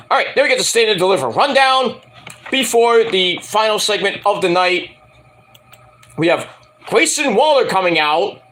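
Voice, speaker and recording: A man's voice: high-pitched, sharp tone. A man giving a casual, rambling wrestling review, full of fillers and profanity, who slips into angry rants. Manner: profane, ranting, hesitant with fillers.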